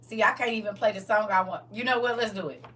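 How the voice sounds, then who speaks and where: A woman's voice: mid-range voice, fairly even intonation, quick pace, a bit bright. A woman preaching a livestreamed sermon, fervent and exhorting in a colloquial style. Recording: distant mic with faint noise.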